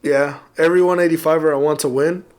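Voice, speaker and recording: A man with a fairly high voice chats as a podcast guest. He is laid-back and joking, and swears freely in casual conversation. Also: steady tone, fast. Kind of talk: casual chat.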